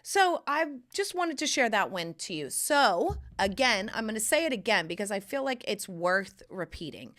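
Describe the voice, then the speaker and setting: A woman hosting her own podcast, telling a candid, profanity-laced personal story in a casual, animated way. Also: on the high side, moderate pace. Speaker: podcast host. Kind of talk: casual solo podcast chat.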